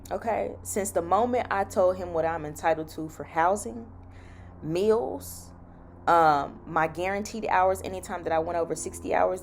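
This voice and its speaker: Gravelly, emphatic woman telling a story. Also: lowish voice, a little mellow, slight background noise. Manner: emphatic, repeats key lines for effect. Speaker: travel nurse. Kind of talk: storytime vlog rant.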